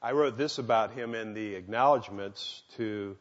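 A man's voice: on the low side, normal speed, in a large hall. Folksy man telling a story to men. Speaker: speaker at a men's gathering. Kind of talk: devotional talk with storytelling. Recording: dull lo-fi recording.

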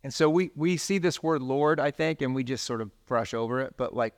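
A man's voice: medium pitch, fairly quick, hardly any pauses. Man preaching a conversational sermon. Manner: conversational, reads scripture aloud. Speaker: pastor.

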